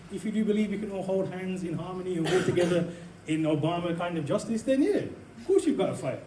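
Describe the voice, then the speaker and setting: Man, high voice, impassioned lecture, rhetorical questions, roomy echo. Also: fast, slight background noise. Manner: animated, rhetorical questions, laughing asides. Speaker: speaker addressing an audience. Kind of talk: impassioned lecture to a live audience. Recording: echoey room, voice from a distance.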